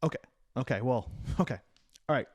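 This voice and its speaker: A man's voice: medium pitch, lively intonation, fairly quick, dry recording, clean studio sound. Middle-aged dude hosting a podcast, teasing his kid, quizzing her on history stuff. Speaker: podcast host. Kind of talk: casual chat.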